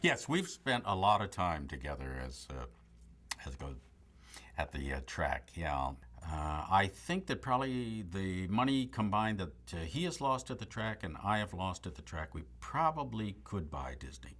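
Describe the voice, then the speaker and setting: An older comic actor reminiscing in an interview with a dry, joking delivery. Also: male voice, sits low, moderate pace. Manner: dry, joking, deadpan asides. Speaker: comedic actor recalling a film.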